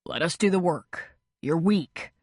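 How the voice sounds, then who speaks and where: Woman reading a gentle, practical male doctor. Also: lowish voice, lively intonation, unhurried, slightly rough, dry recording, studio quality. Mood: soothing.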